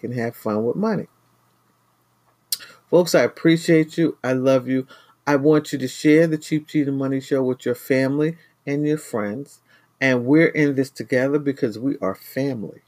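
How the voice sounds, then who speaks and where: Man host from New York, mid-pitched, earnest frugal-living pep talk, dry close sound. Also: a little mellow, dry recording. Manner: earnest, repetitive, addresses listeners as family. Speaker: host of a money-saving show. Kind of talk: casual motivational talk to viewers.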